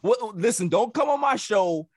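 A man hosting a casual sports podcast, animated and playfully protesting with easy laughter. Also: on the high side, moderate pace, no room sound, studio quality. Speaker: podcast host.

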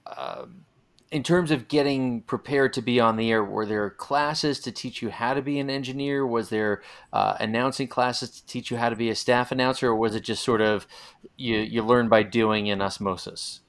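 A man hosting an interview, gentle and affirming, asking questions with some halting fillers. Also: mid-range voice, fairly even intonation. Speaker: interviewer host.

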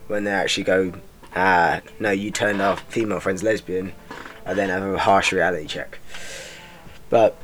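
A young man hosting a podcast, rambling in a deadpan, self-mocking way and swearing freely. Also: low-pitched, normal speed, faint music behind. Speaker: podcast host. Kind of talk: rambling comic monologue.

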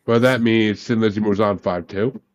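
Profane, excited male podcast host. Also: fairly low pitch, normal speed, lo-fi sound. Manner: profane and enthusiastic. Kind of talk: casual group chat.

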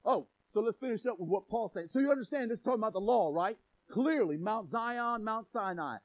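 A male pastor preaching a sermon in an energetic, joking manner, with shouted emphasis on key lines. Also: high-pitched, a little fast, low-quality recording.

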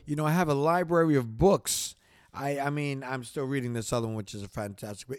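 A man's voice: mid-range voice, fairly quick, dry recording, studio quality. A man hosting a podcast, giving a passionate motivational talk that repeats itself, builds in intensity and keeps circling back. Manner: passionate, repetitive, gets worked up then apologizes. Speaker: podcast host.

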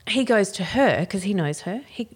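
A woman's voice: mid-range voice, lively intonation, moderate pace, breathy edge. A middle-aged woman, chatting casually as a podcast co-host, telling a story with lots of swearing and laughter. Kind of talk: casual chat.

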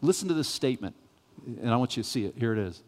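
A male pastor preaching a sermon, telling a self-mocking, animated story. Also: mid-range voice, quick pace. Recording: reverberant church hall.

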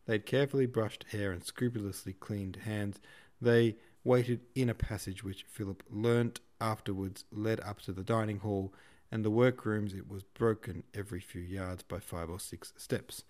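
A man hosting a podcast, reading a classic novel aloud in a steady, measured way. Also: on the low side. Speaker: podcast host and reader.

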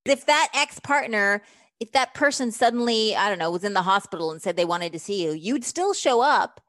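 A woman relationship coach, speaking as an interview guest, lively and emphatic, acting out quoted lines as she explains her method. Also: mid-range voice, moderate pace, no room sound, clean studio sound.

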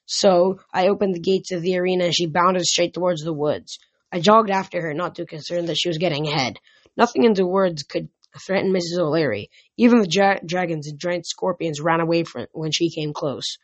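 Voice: medium pitch, dry recording, dull audio. A reader narrating a novel in the first person in a casual way, with small slips and restarts. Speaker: audiobook reader.

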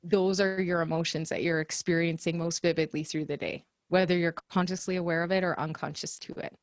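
A woman's voice: fairly low pitch, little pitch movement, fairly quick, no echo, studio quality. A woman co-hosting a podcast, telling a story in casual chat and laughing often. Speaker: podcast co-host.

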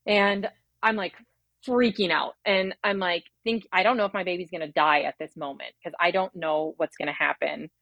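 The lo-fi recording catches a woman in her thirties with a fairly low, creaky, slightly bright voice and fairly even intonation, no echo. She rushes through her birth story in a rambling, heartfelt way, using many fillers and acting out what she was thinking. The talk is emotional and personal.

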